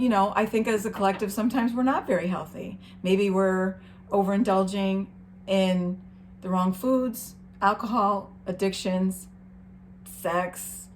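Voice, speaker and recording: A woman giving an encouraging spiritual card reading to her viewers, gentle and sometimes emotional. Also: medium pitch, slight background noise. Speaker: tarot reader.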